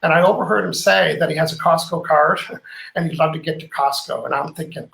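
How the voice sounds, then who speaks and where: Gravelly, animated man in an echoey room. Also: fairly high pitch, a little fast. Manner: animated storyteller, acts out quoted lines. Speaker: host. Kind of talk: live-stream chat reading viewer comments.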